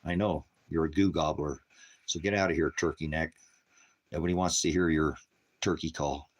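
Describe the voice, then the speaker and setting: A man's voice: very deep voice, fairly even intonation, normal speed. A man hosting a rambling casual livestream, joking crudely and talking baby talk to his dogs at home. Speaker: livestream host.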